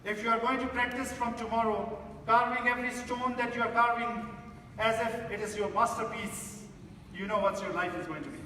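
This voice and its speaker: A man's voice: very high-pitched, fairly even intonation, brisk, pushed and bright, distant mic, slight background noise. A man giving an inspirational stage talk, telling a story and speaking emphatically to the audience, from a large theatre stage. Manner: emphatic, addresses the audience directly. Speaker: motivational speaker. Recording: echoey theatre hall from afar.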